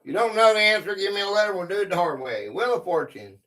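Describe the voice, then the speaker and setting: A man's voice: sits high, fast, fairly bright tone, poor audio. A man hosting a casual live game stream, reading quiz questions aloud with a drawl and chuckling at his own stumbles.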